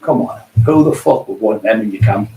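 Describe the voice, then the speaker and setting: A man's voice: lowish voice, a little fast, creaky, mellow. A middle-aged man in an angry, profane, taunting rant. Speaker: vlogger. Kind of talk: angry ranting monologue. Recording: echoey distant room, faint hum.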